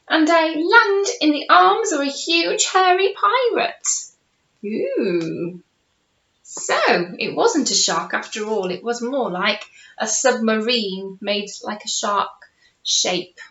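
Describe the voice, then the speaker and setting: An animated woman with a voice that sits high reads a children's story, lively and playful, putting questions to her young listeners. She is at home in a house with a conservatory, and the recording is roomy and dull.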